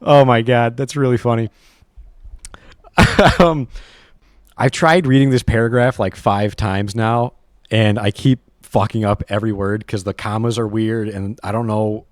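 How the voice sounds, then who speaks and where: A man's voice: fairly low pitch, steady tone, a little slow, no echo. Young man, rambling storyteller, cusses a lot, dry close sound. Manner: rambling, swears a lot, laughs at himself. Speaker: reddit story reader. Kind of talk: casual storytelling and reading aloud.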